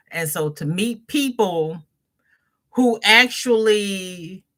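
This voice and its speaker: A middle-aged woman hosts a crochet livestream in an easy, chatty way, laughing as she greets viewers by name and reads their comments aloud. She talks at an unhurried, drawn-out pace, with a slightly low pitch and a bright, forward tone. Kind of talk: casual chat reading live comments.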